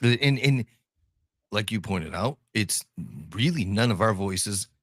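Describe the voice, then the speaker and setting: Low-voiced joking man from Ohio. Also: expressive, unhurried, a bit bright, dry recording, clean studio sound. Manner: joking, laughs often, repeats words. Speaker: podcast co-host. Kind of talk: casual chat.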